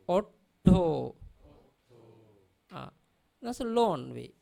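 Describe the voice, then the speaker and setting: Female teacher, slow deliberate delivery, repeats each word in drills, keeps asking if students follow. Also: medium pitch, lively intonation, a little mellow. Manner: drills pronunciation by repeating words, often checks understanding. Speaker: Pali teacher. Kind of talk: classroom language lesson.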